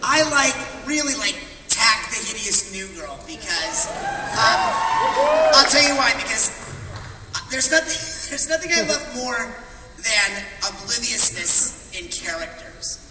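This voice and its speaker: A man on a comedic convention panel, excitable and playful, always quick to joke. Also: very high voice, loud music behind the voice. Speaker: voice actor panelist. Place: large convention hall. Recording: echoey convention hall from far, loud crowd.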